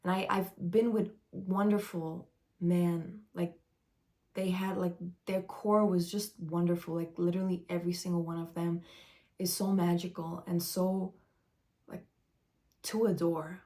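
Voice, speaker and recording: Slow, earnest woman spiritual coach. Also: fairly low pitch, little pitch movement, warm tone. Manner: earnest, searching for words, frequent "like" fillers. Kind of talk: unedited stream-of-consciousness live talk.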